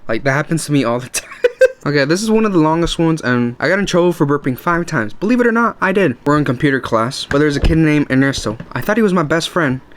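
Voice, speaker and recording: A man's voice: lively intonation, quick pace, a little hiss or hum. A young man telling funny school stories to the camera in a casual, self-mocking way. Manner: joking, self-mocking, with sudden high yelps. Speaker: vlogger.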